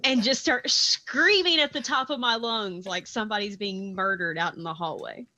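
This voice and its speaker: A woman playing a tabletop game, animated and laughing as she talks her plans through aloud. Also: mid-range voice, moderate pace, low-quality recording. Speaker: player. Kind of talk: casual tabletop play.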